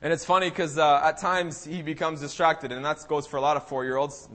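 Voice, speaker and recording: A young man preaching a sermon, who acts out the people of the story and breaks into loud cries. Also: on the high side, steady tone, a little fast. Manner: dramatic, acts out the people in the story, bursts into shouted pleas.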